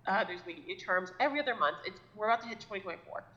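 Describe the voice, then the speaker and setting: Thirties woman, podcast co-host, rambling self-deprecating chat, bright tense tone, muffled lo-fi audio. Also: medium pitch, animated, rapid-fire. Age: 30s. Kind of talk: casual chat.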